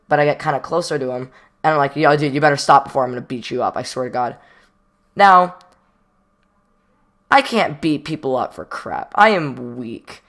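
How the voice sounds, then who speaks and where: A man's voice: on the high side, a bit bright. A guy spinning a casual storytime in a loose, rambling way. He leans on slang, stops to joke at his own expense, and acts out the quoted lines as he goes. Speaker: storytime vlogger.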